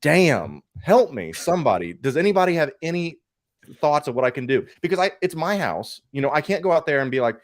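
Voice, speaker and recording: Tired man telling a lively story. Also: a little high, fairly quick, no room sound, clean studio sound. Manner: animated storytelling, swearing freely. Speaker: co-host of a collecting show. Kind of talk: casual podcast chat.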